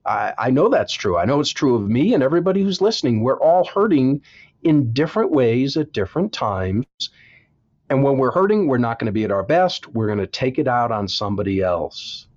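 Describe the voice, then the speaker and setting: A man's voice: medium pitch, very animated, fairly quick, a little mellow, muffled recording. A man, an author being interviewed, giving earnest advice and repeating words for emphasis. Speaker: author and guest. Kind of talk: interview, preaching-style advice.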